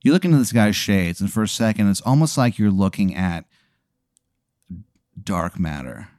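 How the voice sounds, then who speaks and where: A man's voice: on the low side, animated, normal speed, a little mellow, no room sound, clean studio sound. A man improvising an absurd second-person story, rambling and profane with many fillers. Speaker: comedy podcast host.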